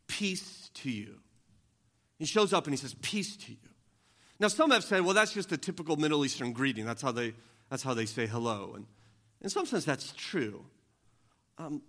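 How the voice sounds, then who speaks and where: A man preaching an earnest sermon, often restarting phrases and moving between quiet and emphatic passages. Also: high-pitched. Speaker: pastor.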